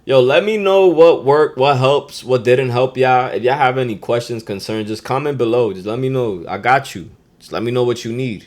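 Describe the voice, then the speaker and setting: A man hosting his own podcast, giving a casual, slangy lesson and calling out Spanish phrases with loud emphasis. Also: mid-range voice, moderate pace. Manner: laid-back street slang. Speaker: podcast host.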